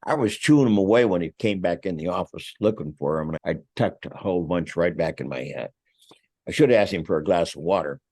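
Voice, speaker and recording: Deep-voiced older man telling a story. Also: a little fast, no room sound, clean studio sound. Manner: animated, acts out voices, swears freely. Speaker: guest, vineyard owner. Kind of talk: casual anecdote telling.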